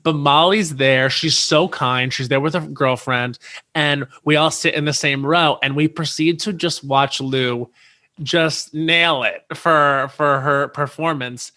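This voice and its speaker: A man in his thirties telling a story as a podcast guest, animated, jumping up high in pitch whenever he quotes someone. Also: unhurried. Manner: animated, swoops high when quoting people.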